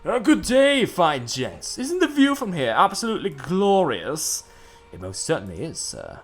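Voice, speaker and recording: A man's voice: on the high side, huge pitch swings, measured pace, slightly rough, soft background music, pitched above the performer's own voice, full character voice. A man voicing a vain, pompous dandy who is proud of his fine suit, reading game dialogue aloud. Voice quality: haughty, self-admiring.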